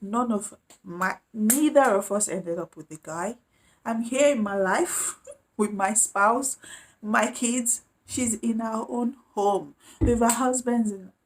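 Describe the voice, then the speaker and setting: Woman, casual storytime vlogger, animated, slips into other people's voices. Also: on the high side. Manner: animated, acts out quoted voices.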